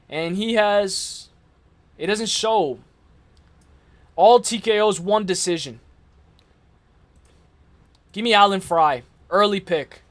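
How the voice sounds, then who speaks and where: A man hosting a casual live stream, making fight picks in slangy, excitable chat and reacting to his viewers' comments. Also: sits high, unhurried, pauses often.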